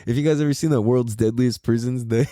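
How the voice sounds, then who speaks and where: A man's voice: mid-range voice, steady tone, fast, dark tone, no echo, clean studio sound. A man hosting a podcast, telling a story in a casual, rambling way, full of slang, swearing and fillers. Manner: mimics people in quoted voices. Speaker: podcast host.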